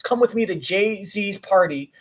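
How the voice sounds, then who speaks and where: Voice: mid-range voice, animated, unhurried, pitched above the performer's own voice. A commentator voicing a famous male movie star who keeps pleading for a dance. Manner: begging, insistent.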